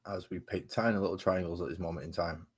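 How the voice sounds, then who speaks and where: A man's voice: deep voice, steady tone, quick pace, husky. A man chats casually on a live stream while painting miniatures, trading sarcastic banter with viewers and muttering to himself as he works.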